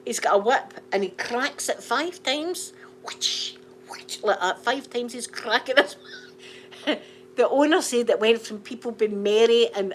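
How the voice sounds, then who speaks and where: Scottish lady chatting away, laughing at her own stories, faint hum behind. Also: medium pitch. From Scotland. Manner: animated, laughing, repeats phrases for comic effect. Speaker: channel host. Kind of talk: casual storytelling chat.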